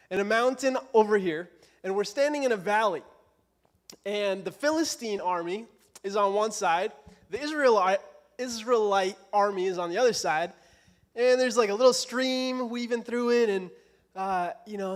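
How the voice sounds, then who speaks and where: A young man preaching a casual youth sermon in a church, joking and self-deprecating. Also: sits high.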